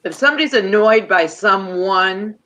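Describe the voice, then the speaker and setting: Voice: mid-range voice, animated, normal speed, bright, forceful tone, a little hiss or hum. A person on a casual livestream who greets viewers in a sing-song way and gives views.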